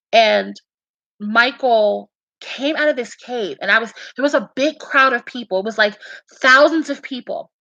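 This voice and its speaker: Woman, casual earnest talk, emphatic and repetitive, fairly high voice, slightly muffled lo-fi sound. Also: pushed and bright, no room sound. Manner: emphatic, repeats herself, restarts often. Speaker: fan sharing beliefs and dreams.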